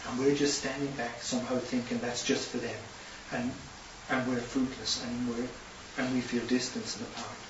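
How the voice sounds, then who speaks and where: A man's voice: medium pitch, little pitch movement, normal speed, few pauses. A man with an Irish accent preaching a sermon, telling stories and building to impassioned emphasis. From Ireland. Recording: roomy distant hissy lo-fi recording.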